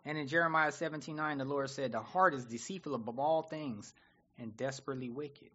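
A man preaching a sermon in an animated, conversational way, often acting out what people say. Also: mid-range voice, fairly quick, lo-fi sound.

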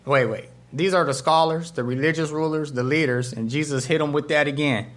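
This pastor's storytelling sermon comes in a fairly high, brisk male voice with hardly any pauses. He's animated and acts out the voices of the people in his stories.

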